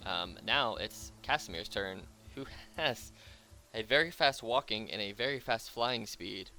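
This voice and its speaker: Game master man with a bright voice. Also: fairly low pitch, lively intonation, measured pace, soft background music. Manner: casual, with fillers and laughs. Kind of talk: narrating a tabletop game.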